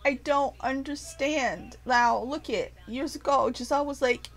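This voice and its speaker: A woman ranting casually to her viewers, animated and profane, rambling with frequent restarts. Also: high-pitched, normal speed, hardly any pauses, rough recording. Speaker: vlogger. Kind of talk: casual rant to camera.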